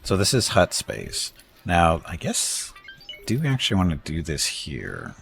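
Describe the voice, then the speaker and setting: A very low, gravelly male voice with a lively, up-and-down delivery. He rambles in a chatty way as he streams a space strategy game, stopping to thank viewers and joke about how words are pronounced. Faint game music sits behind him. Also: unhurried. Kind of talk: casual live-stream commentary.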